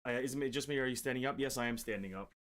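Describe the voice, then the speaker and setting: A man's voice: mid-range voice, rapid-fire, a bit bright. Guy on a game stream at his desk, chatty, reads out chat, jokey and swears a bit. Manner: chatty, reads out and answers viewer comments. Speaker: gaming streamer. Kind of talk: casual live-stream chat. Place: home desk setup.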